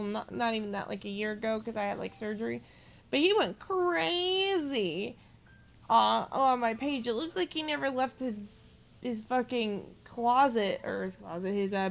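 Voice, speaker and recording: A woman in her twenties, a game streamer, ranting in casual live-stream chat and swearing freely. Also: a little high. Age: 20s.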